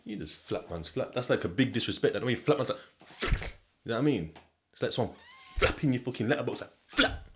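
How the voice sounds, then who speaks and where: A man's voice: medium pitch, expressive, quick pace, noisy background. A young man, hosting a podcast in a rambling, slangy, swear-filled chat and laughing often. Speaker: podcast host. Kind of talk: casual solo podcast chat.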